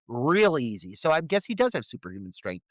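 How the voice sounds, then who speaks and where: A man's voice: medium pitch, very animated, a little fast, dry recording, studio quality. A man co-hosting a casual film-review podcast, ranting with profanity and rhetorical questions about what annoys him. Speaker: podcast co-host.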